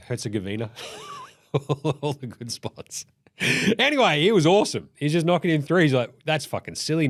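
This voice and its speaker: A young Australian man hosting a casual sports recap, sweary, excitable and jokey. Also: medium pitch, no room sound, studio quality. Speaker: host.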